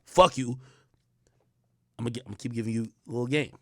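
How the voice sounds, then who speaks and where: A man telling a casual story to his live stream, excitable and full of slang and swearing. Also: medium pitch, fast, no room sound, studio quality. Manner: animated, profane, slangy, excitable. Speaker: streamer and commentator.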